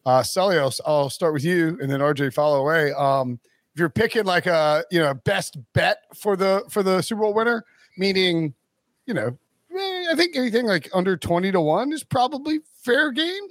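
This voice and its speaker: Chatty, higher-voiced male podcast host. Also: expressive, moderate pace, no room sound, studio quality. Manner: rambling, chuckling, lots of fillers and restarts. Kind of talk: casual sports podcast chat.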